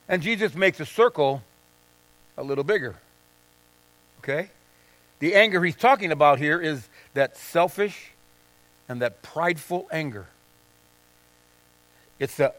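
A man's voice: a little high, animated, normal speed, long pauses, a bit bright, no room sound. A middle-aged male pastor giving a conversational sermon to a congregation, often acting out quoted voices and asking "right?" and "okay?". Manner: conversational, confessional preaching with acted-out quotes. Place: church sanctuary with congregation.

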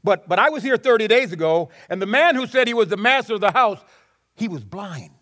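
Zacchaeus, a preacher voicing a stubborn tax collector. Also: male voice, high voice, animated, fairly quick, a bit bright. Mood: puzzled.

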